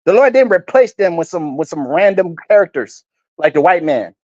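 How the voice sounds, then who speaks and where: A man's voice: high-pitched, big pitch swings, normal speed, darkish tone, no echo, dull audio. A man reading scripture aloud and breaking into blunt, profane, rambling commentary. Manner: blunt, crude and rambling, often stumbling over words. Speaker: street preacher.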